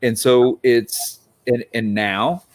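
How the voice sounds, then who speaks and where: A man with a mid-range voice co-hosts a casual watch-party chat. He talks in halting bursts and often repeats words as he starts his sentences. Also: mid-range voice, fairly even intonation. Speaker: co-host.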